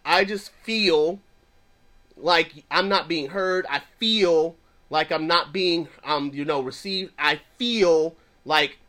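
A man quoting an upset client who speaks haltingly and with self-pity. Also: a little high, bright, forceful tone, pitched below the performer's own voice. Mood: aggrieved. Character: upset adult client voicing her grievances.

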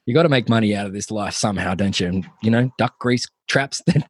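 A husky-voiced man trades jokes as a podcast co-host. His talk is loose and playful, full of chuckles. The sound is close and dry. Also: lowish voice, quick pace, no room sound. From Australia. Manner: playful, joking, laughs often. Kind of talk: casual banter.

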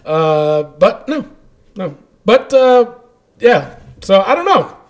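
Podcast host, male, high and animated voice, casual and giggly, reads listener comments. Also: slow pace. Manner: animated, laughing often, trailing off quietly.

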